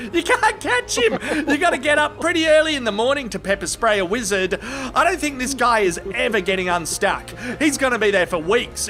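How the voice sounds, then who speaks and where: An Australian man narrates a video as a comedy bit, pitched very high with a bright, forceful tone. His delivery is deadpan, punctuated by incredulous outbursts. Faint music plays behind him. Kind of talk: scripted comic commentary.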